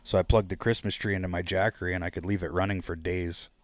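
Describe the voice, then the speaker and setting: Chatty Canadian man, lowish voice. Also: fairly even intonation, quick pace, dry recording. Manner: rambling, chatty, talks to chat. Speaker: livestream host. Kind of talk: casual livestream chat.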